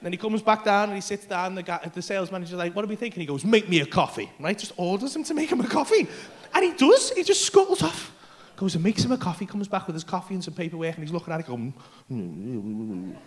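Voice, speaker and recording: A male stand-up comedian telling a story on a comedy club stage, animated and swearing, shouting his punchlines. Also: high-pitched, quick pace.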